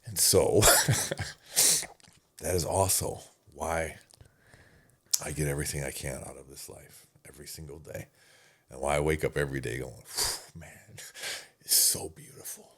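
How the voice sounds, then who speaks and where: A middle-aged man with a notably deep, low voice shares a personal story as a podcast guest. He speaks earnestly and emotionally, now and then swearing. In the heaviest moments his voice sinks almost to a whisper. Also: fairly even intonation, normal speed, long pauses, slightly rough.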